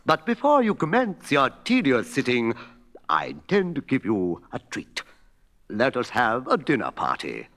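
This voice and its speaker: An actor playing a crafty gentleman fox in a vintage storybook record, oily and overly courteous. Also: mid-range voice, very animated, a little slow, big-room sound. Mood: scheming. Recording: old record with faint orchestral music.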